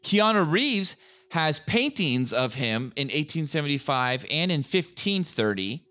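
Young male podcast co-host, crude and jokey, leads the chat; bright tone, a bit high. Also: very animated, a little slow, clean tone. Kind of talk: casual podcast banter.

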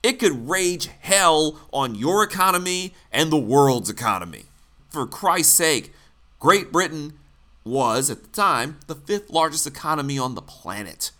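A man's voice: fairly high pitch, animated, unhurried, bright, forceful tone. A man from the United States giving blunt, sarcastic political commentary, swearing freely. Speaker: commentary host.

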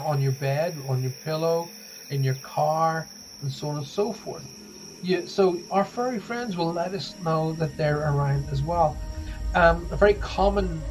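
A man's voice: fairly high pitch, low-quality recording. An Irish man from Ireland hosting a casual livestream as a psychic medium, chatting and reading out viewer comments in a rambling, reassuring way.

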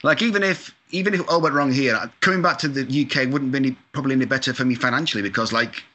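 A man's voice: mid-range voice, racing, pushed and bright. A Scottish-born man, a video game composer, chatting casually in an interview, full of fillers, mild swearing and self-deprecating asides. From Scotland. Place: lives in California.

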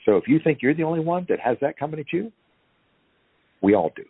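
Man, podcast guest, ranting and fiery, lively swooping pitch, dry tinny phone sound. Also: a little fast, slightly rough, no echo. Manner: fiery, ranting, voice surging up on key points. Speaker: guest activist. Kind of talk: impassioned podcast interview.

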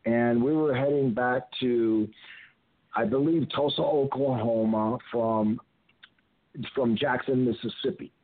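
An older man calling into a show, spinning a long, rambling road story full of restarts and asides. His voice sits at an ordinary middle pitch. It comes through a thin, tinny phone line. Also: fairly even intonation, a little slow, dry recording. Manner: rambling anecdotes with frequent restarts. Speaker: guest, retired wrestler. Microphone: telephone.

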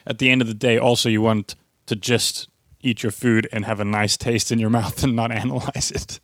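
A man of middle pitch chats in a relaxed way on a podcast, letting small laughs slip into his sentences. The mic is close and dry. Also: moderate pace, no room sound. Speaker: podcast co-host. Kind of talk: casual chat.

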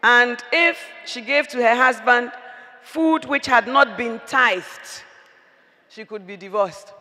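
A woman preacher, giving an animated, humorous sermon and often raising her voice to a shout. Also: on the high side, takes it slowly. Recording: long reverb of a large hall.

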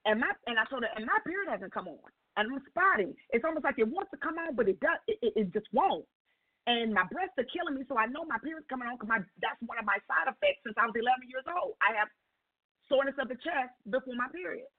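A middle-aged woman on a call-in show, telling her story in a lively way and acting out each voice in the dialogue. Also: quick pace. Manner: expressive, acts out dialogue with big pitch jumps. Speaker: call-in guest sharing a testimony. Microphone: telephone. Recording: tinny phone line.

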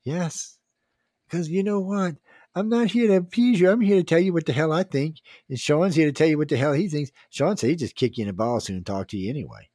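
A man's voice: on the high side, animated, a little fast, dark tone, no room sound, studio quality. Blunt, profane man in his fifties. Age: 50s. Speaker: radio show host. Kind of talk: casual opinionated talk radio.

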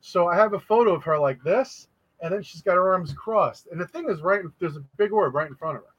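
A man, a podcast guest, telling a spooky personal story in a casual, animated way, acting out the voices of people in it. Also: high voice, brisk, no echo, dull audio. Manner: animated, acts out quoted voices.

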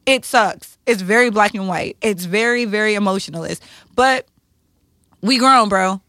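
A woman's voice: mid-range voice, moderate pace, a bit bright, no echo. Podcast co-host, woman in her thirties, blunt and confessional, drops profanity, dry close-miked sound. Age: 30s. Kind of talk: candid podcast conversation.

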